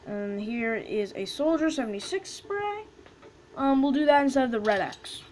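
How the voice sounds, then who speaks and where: High-voiced excitable woman gamer. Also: moderate pace, slight background noise, low-quality recording. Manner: excitable, chants names and squeals at drops. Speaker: gaming video host. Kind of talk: casual loot box opening commentary.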